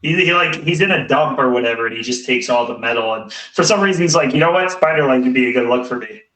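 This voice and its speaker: A man in a casual podcast chat, playful and expressive. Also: mid-range voice, fast talker, echoey room, rough recording. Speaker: podcast co-host.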